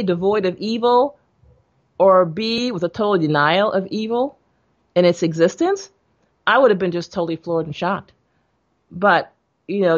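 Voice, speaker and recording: A woman guest telling a family story in a casual, animated way, acting out her father's lines with laughs. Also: fairly low pitch, dull audio. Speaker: interview guest.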